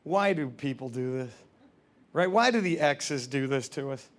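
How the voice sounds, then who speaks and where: A man performing a stand-up comedy set, telling confessional stories and jumping into loud character voices. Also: medium pitch, expressive, a little slow.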